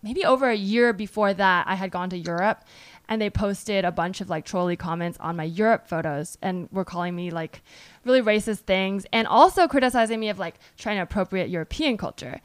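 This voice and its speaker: A woman's voice: mid-range voice, brisk, clear, resonant tone, no room sound. A woman hosting a podcast interview, chatting casually and telling stories with lots of "like". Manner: chatty, animated storyteller with frequent "like". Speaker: podcast host. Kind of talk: conversational interview.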